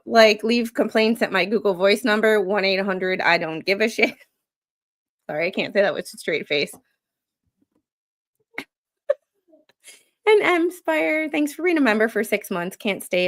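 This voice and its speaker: A laid-back woman hosts a late-night live stream from home, talking straight to her viewers in an easygoing way. She laughs easily and drifts from one tangent to the next. Her voice sits at an ordinary middle pitch. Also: a bit bright. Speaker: streamer hosting a live reaction show. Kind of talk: casual live-stream chat, reading stories and greeting viewers. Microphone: streaming microphone.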